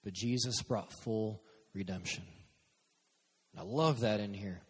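A man's voice: on the low side, unhurried, husky. A man preaching a conversational sermon to young listeners, speaking directly to them. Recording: long hall reverb.

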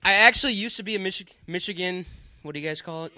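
A man's voice: high voice, fast, pushed and bright, no room sound, soft background music. A man from Wisconsin preaching to a live audience, telling a chatty comic story before turning earnest. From Wisconsin, USA.

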